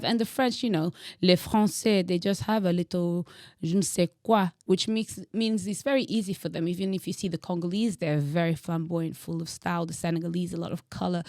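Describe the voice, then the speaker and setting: A woman's voice: medium pitch, no room sound, clean studio sound. A young woman from Angola giving bold, teasing opinions straight to camera in her vlog, with dramatic emphasis. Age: young adult. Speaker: vlogger. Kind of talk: opinionated direct-to-camera monologue.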